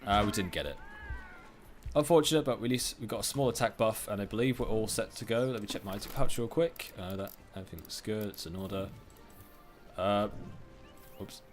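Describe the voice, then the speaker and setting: A man's voice: lowish voice, expressive, fairly quick, long pauses, faint music behind. A man hosting a let's-play, chatting casually over his gameplay with plenty of fillers and restarts. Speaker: gaming let's-play host. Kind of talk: casual game commentary.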